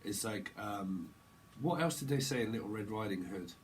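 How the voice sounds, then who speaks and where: A man's voice: fairly low pitch, lively intonation, normal speed, slight background noise, low-quality recording. A man giving a casual, rambling tarot reading, laughing often and using slang. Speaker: tarot reader.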